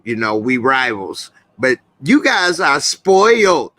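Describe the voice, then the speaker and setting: A man hosting a call-in show, chatting casually about sports in an animated, opinionated, slangy way. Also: mid-range voice, slow pace, no echo, low-quality recording. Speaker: host.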